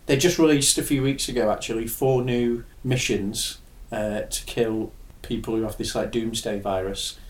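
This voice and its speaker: A man's voice: medium pitch, fairly even intonation, normal speed, hardly any pauses. A young adult man, chatting casually and enthusiastically, swearing now and then. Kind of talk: casual chat. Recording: echoey room.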